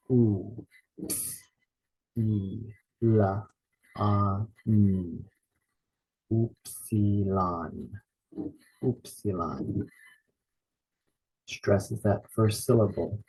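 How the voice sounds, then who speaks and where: Man, teacher, very slow, repeats each word, mellow tone, husky. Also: fairly low pitch, steady tone, rough recording. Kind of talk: slow spoken lesson naming Greek letters.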